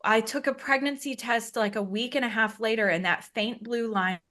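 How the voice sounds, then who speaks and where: A woman's voice: a little high, normal speed, fairly bright tone. A woman speaking as an interview guest, telling her own story frankly and conversationally and laughing often. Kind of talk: candid personal story.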